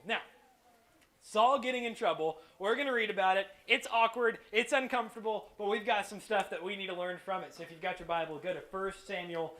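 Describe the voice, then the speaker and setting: A man giving a lively children's church sermon, telling stories and acting out voices. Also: high-pitched, normal speed. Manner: animated storyteller, acts out voices. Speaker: kids church preacher.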